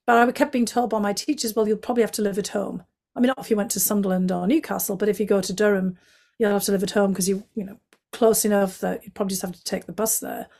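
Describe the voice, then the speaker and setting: Northeast english woman, gravelly voice, chatty storyteller, lots of "you know". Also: medium pitch, fast. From Northeast England. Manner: chatty, many "you know" fillers, animated quoting of others. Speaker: guest. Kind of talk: reflective storytelling in conversation.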